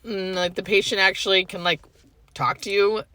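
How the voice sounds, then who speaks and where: A woman hospice nurse talking to her phone from her parked car, tearful and fighting back crying, with halting speech full of "like". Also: medium pitch, fairly even intonation, pushed and bright. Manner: halting, heavy use of filler "like". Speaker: hospice home care nurse. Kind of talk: emotional vlog monologue.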